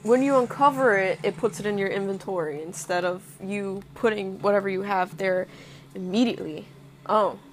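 A young woman playing a video game and commenting as she goes, cursing and reacting loudly to scares, then muttering to herself. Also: medium pitch, normal speed, slight background noise. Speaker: gameplay streamer. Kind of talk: casual let's-play commentary.

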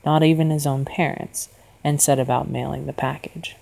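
Brief: woman storyteller, slow and deliberate, low voice with a gravelly rasp. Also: steady tone, low-quality recording. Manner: quiet and deliberate. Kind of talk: horror story narration.

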